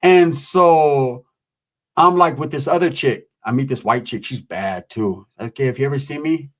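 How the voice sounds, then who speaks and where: A man telling a story in casual, animated, slang-heavy talk, acting out the quotes and swearing often. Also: mid-range voice, normal speed.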